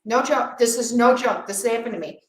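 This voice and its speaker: A woman co-hosting a podcast, telling a story in a casual, animated way and acting out quotes. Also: on the high side, normal speed, roomy sound, rough recording. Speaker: podcast co-host.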